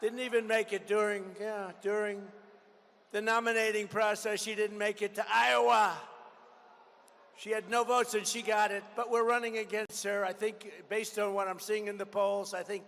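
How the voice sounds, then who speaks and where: Older male candidate, high-pitched and forceful, combative, repetitive rally delivery, big reverberant venue. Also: level tone, moderate pace. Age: 70s. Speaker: political candidate. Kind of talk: campaign rally speech. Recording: long arena reverb, faint background noise.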